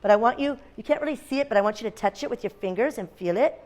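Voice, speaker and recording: A woman's voice: a little high, lively intonation, quick pace, a little mellow. A woman teacher in a classroom, reading a picture book aloud to young children, asking them questions and making animal sounds. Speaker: kindergarten teacher.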